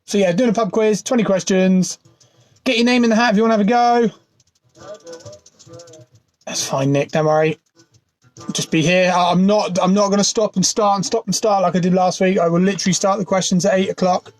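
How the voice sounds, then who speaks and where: A chatty man with a fairly high voice hosts a laid-back quiz livestream. He talks into his phone from inside his van and greets viewers one by one. Faint music plays in the background. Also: steady tone, fairly quick, long pauses. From United Kingdom. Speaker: quiz host. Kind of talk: casual livestream chat.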